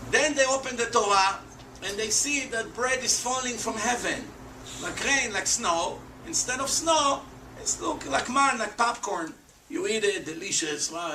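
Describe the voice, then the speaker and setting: A man, giving an animated lecture to an audience as a rabbi and acting out the voices of skeptics. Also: high voice. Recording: echoey room, voice from far off, faint background noise.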